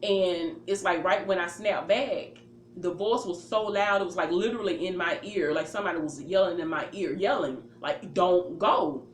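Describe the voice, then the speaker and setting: A lower-voiced woman telling a story in a roomy space. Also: moderate pace. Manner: animated, acts out her own reactions, frequent fillers. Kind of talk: casual personal storytelling. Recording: roomy with faint ambient noise.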